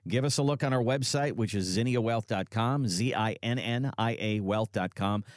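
Low-voiced man radio co-host. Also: moderate pace, no room sound. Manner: steady, announcer-like delivery of contact details. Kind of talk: radio host read with promo. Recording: dry studio mic with faint music.

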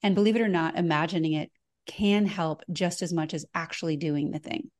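Calm woman host with a mellow voice. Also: deep voice, a little fast. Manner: calm, explanatory, with casual fillers. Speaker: host giving an exercise. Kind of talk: guided instruction in a podcast conversation.

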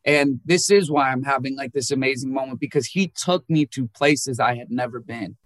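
A man's voice: moderate pace, dry recording. A young man, a musician guest, telling candid and emotional stories and acting out quoted people in a raised voice. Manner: animated storyteller who acts out quotes in a higher voice. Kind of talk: candid emotional interview talk.

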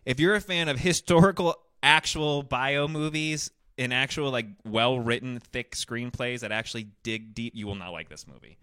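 A man from the United States co-hosting a casual movie review chat, animated and jumping up in pitch to make his points. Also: moderate pace, few pauses, smooth, no echo. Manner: animated, jumps in pitch when making a point. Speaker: co-host of a movie review show.

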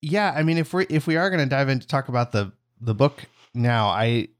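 A man hosting a casual book-club podcast, playful and quick to laugh. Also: medium pitch, animated. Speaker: podcast host.

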